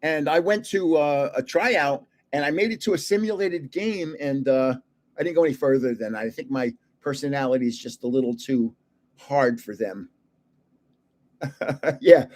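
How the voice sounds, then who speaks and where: An older man hosts a laid-back trading card livestream, his fairly high voice carrying a darkish tone at a moderate pace. He rambles through anecdotes, correcting himself along the way and chuckling often between sentences.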